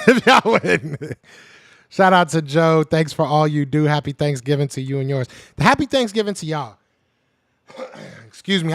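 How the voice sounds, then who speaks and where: A man hosting a live podcast, reading the chat and trash-talking in a casual, animated way; he is a little sick. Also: a little high, no room sound, studio quality.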